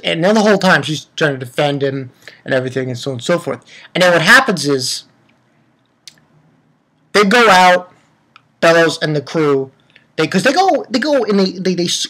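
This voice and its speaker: A young man rambles through an anime recap with a bright, animated voice that leaps up and down in pitch. He curses often and trips over his own sentences as he goes. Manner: rambling, profane, many restarts. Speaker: anime reviewer. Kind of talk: casual episode recap.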